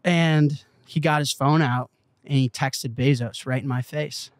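A man as an interview guest, telling a story with excitable, profane emphasis in a casual way. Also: medium pitch, unhurried. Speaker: interview guest, company CEO. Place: Malibu.

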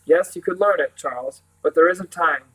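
A man reading as a gentle shape-shifting celestial woman. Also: on the high side, moderate pace, slightly rough, poor audio.

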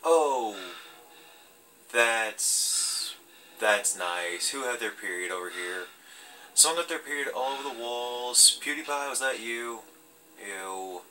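A man talks through a game he is playing, chatty and wry, tossing off jokes as he goes. His voice is very bright and sharp. A faint hiss runs underneath. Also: mid-range voice, animated, takes it slowly, poor audio. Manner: chatty, wry, jokey asides. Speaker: let's play host. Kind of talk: casual gameplay commentary.

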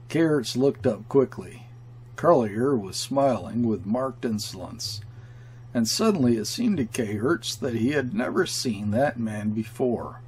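A man narrating a classic story as an audiobook reader, in measured, deliberate delivery. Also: medium pitch, expressive, a little mellow, breathy edge.

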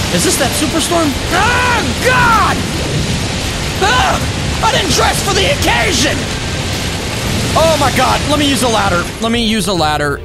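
A man with a high, lively voice giving let's play commentary, talking to himself and bursting into exclamations as he goes. Loud game music plays behind him the whole time. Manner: excitable, exclaims and talks to himself. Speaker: gaming YouTuber.

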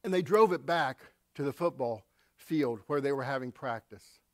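A man's voice: medium pitch, expressive, normal speed, no echo, studio quality. A male pastor preaching a sermon, telling stories and acting out quotes with asides to the congregation.

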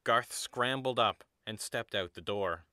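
A man narrating an audio drama in an even storybook manner. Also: on the low side, a little slow, dry recording, studio quality. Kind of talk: scripted narration.

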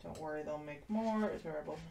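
A woman's voice: deep voice, brisk, creaky, dark tone. A woman hosting a casual livestream, chatting with viewers and cooing to kittens. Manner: chatty, talks to kittens and reads viewer comments. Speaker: livestream host. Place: room with kittens. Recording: roomy, distant mic, faint noise.

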